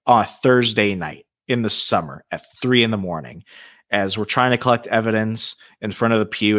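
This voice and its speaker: A man telling a ghost story as a podcast guest, lively and swearing freely. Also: on the low side. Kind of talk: casual storytelling.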